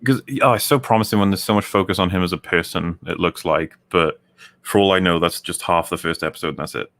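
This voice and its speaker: A British man talking as a guest on a live stream, relaxed and easygoing. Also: deep voice, quick pace, dry recording. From Britain. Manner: relaxed and easygoing, laughs often. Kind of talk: casual live-stream chat.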